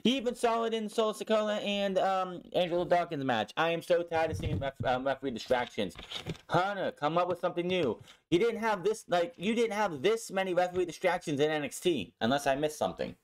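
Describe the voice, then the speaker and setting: A man's voice: high-pitched, expressive, brisk. Chatty man recapping wrestling, opinionated. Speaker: wrestling show reviewer.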